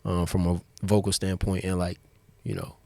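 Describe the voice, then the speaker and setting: A relaxed man with a fairly low voice talks easily on a podcast, pausing with fillers as he gathers his thoughts. The sound is close and dry, with no room around it. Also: vocal fry, no room sound. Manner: laid-back, laughs often, trails off with fillers. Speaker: basketball player guest. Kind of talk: casual podcast chat.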